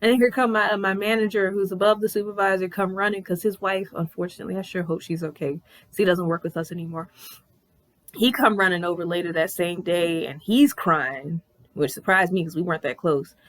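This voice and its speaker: A woman in her thirties telling a personal story on her vlog in a candid, animated way, swearing freely. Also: on the low side, brisk. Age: 30s. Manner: candid, profane, animated retelling. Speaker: vlogger.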